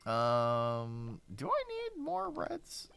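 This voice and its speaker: A man's voice: mid-range voice, huge pitch swings, extremely slow, creaky, a bit bright, smooth, faint music behind. Sarcastic, rambling male streamer. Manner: sarcastic, rambling, swears often. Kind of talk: casual gameplay commentary.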